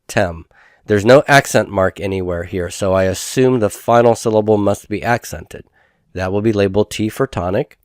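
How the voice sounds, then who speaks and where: A man lecturing on Hebrew grammar in a methodical way, repeating terms slowly with frequent fillers. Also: lowish voice, darkish tone, no echo, clean studio sound. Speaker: Hebrew instructor. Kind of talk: recorded classroom lecture.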